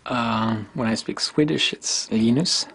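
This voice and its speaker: A man from Finland talking in a relaxed, hesitant way in a documentary interview, with frequent ums and restarts. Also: lowish voice, normal speed, gravelly, a little hiss or hum. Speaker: interviewee, software developer.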